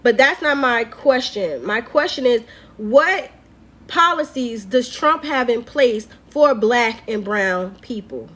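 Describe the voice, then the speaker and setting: A woman's voice: a little high, animated, takes it slowly, fairly bright tone. A woman hosting a casual chat, questioning an AI assistant in a playful, teasing manner. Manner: playful, teasing, laughs easily.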